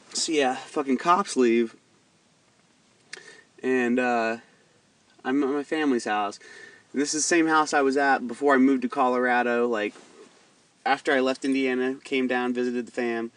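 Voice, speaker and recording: A man's voice: mid-range voice, no room sound, far from the mic. A young man telling a story in a rambling, heated, heavily profane vlog rant. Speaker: vlogger.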